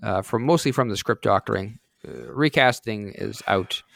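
A man's voice: fairly low pitch, lively intonation, normal speed, vocal fry, fairly bright tone, dry recording. A man hosting a casual podcast chat, steering the talk with a wry tone. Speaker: podcast host.

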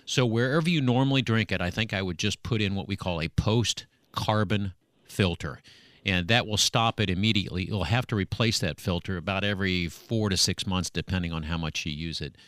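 A man's voice: deep voice, fairly quick, a bit bright, no room sound, studio quality. A man hosting a home improvement call-in radio show, chatting in a folksy, storytelling way with callers and co-hosts. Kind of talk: casual call-in radio chat. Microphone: studio mic.

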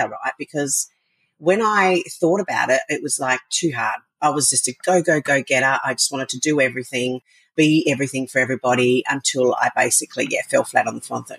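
An Australian woman talking as a podcast guest, in a flowing, reflective way with gentle fillers. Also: very deep voice, vocal fry, slightly rough, no room sound, low-quality recording. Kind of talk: casual podcast chat.

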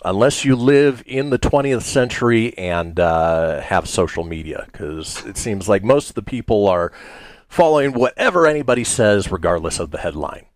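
Wry, lively-voiced male radio host. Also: on the low side, normal speed, no echo. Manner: wry, joking, teasing co-host. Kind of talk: casual radio banter. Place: radio studio.

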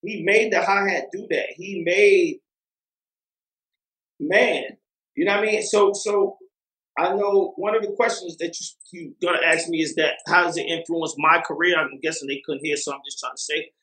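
A man's voice: a little high, moderate pace, bright, forceful tone, reverberant, rough recording. A man talking as a music producer guest in a casual interview, rambling with lots of fillers and restarts.

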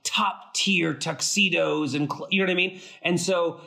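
A man being interviewed about his acting work, telling stories in a lively, chatty way and acting out quoted dialogue. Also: vocal fry. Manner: animated, acts out quoted dialogue with big pitch jumps; frequent fillers and restarts, fast bursts. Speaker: actor, interview guest. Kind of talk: casual interview storytelling.

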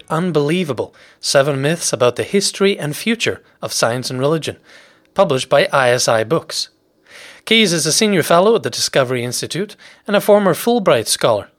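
A man hosting an interview podcast, reading a prepared introduction and measured questions. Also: a little high, a bit bright. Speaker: podcast host.

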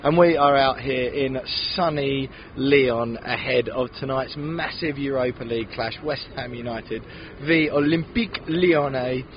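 Recorded outdoors outside a city bar, a male podcast host with a mid-range voice chats casually and with animation, laughing often. He speaks at a measured pace, and the lo-fi audio has slight background noise.

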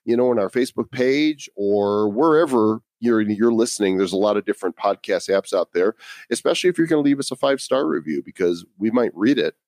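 A man's voice: lowish voice, lively intonation, brisk, darkish tone, no room sound, clean studio sound. A man hosting a podcast in casual chat, joking and laughing often between points. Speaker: podcast host.

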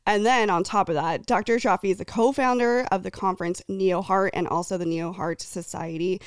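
A woman's voice: medium pitch, steady tone, brisk, clean tone, dry recording, clean studio sound. A young adult woman co-hosting a podcast, bubbly and chatty, laughing often. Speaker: podcast co-host. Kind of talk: casual chat.

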